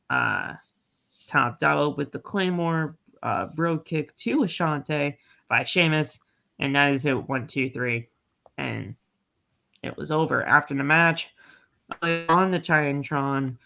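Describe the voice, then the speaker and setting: A man's voice: a little high, gravelly, bright, forceful tone. A man co-hosting a podcast in casual chat, laid-back, swearing and laughing often. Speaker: podcast co-host. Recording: dull lo-fi sound.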